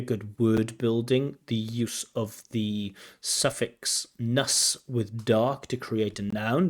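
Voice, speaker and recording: A man working as an IELTS examiner, giving spoken feedback on a candidate's answers in a corrective, explanatory way. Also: medium pitch. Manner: explanatory, corrective, pauses to replay and comment.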